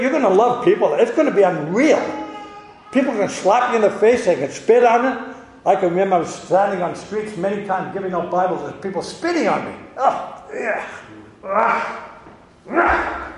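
An older Canadian man and missionary preacher, giving a sermon testimony with a chuckling, self-deprecating storytelling manner, recorded in a large hall. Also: high voice. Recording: echoey hall with long reverb.

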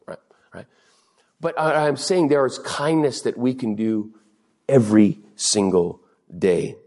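A middle-aged man preaching a sermon, animated and joking as he acts out bits of dialogue. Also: medium pitch, measured pace, long pauses. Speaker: pastor.

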